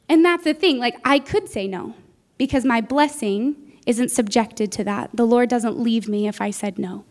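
A woman's voice: on the high side, normal speed, darkish tone. A woman preaching a sermon, telling a personal story in an earnest way and acting out what she said back then. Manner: earnest, storytelling, acts out her own past words.

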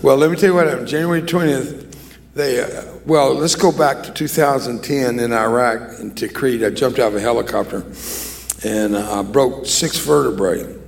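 Joking, emotional preacher with a gravelly voice. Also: male voice, mid-range voice, moderate pace. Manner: joking, emotional, self-deprecating. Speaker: guest preacher. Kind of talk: sermon. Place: church sanctuary.

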